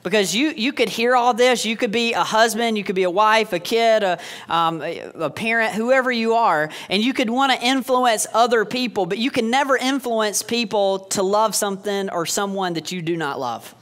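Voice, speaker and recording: A man's voice: sits high, normal speed, few pauses, fairly bright tone. A man in his thirties, a pastor preaching a sermon with joking asides and sarcastic humor.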